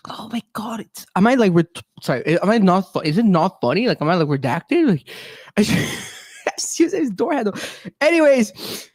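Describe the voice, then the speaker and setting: A woman's voice: medium pitch, big pitch swings, normal speed, a little mellow, no echo. A woman from Canada hosting a live online talk show in a slangy, giggly way, swearing freely. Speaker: host.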